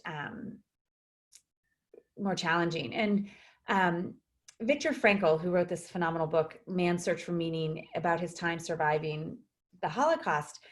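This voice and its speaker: A woman's voice: fairly low pitch, a little mellow. A woman psychologist, a guest in a video interview, speaking thoughtfully with frequent fillers and restarts.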